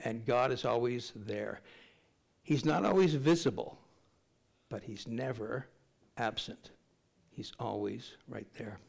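A man's voice: mid-range voice, takes it slowly, gravelly, long pauses. An older man preaching a sermon to his congregation in a conversational, joking way. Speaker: pastor.

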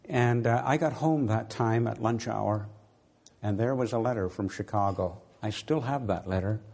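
A man's voice: lowish voice, normal speed, creaky, a little mellow. A man preaching a sermon and telling a personal story in an earnest, conversational way, his voice lifting when he exhorts his listeners.

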